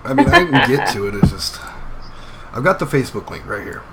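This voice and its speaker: A man's voice: fairly low pitch, huge pitch swings, brisk, gravelly, very noisy. A man co-hosting a casual live stream, laid-back, giving short replies and reading out contest prizes. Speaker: co-host.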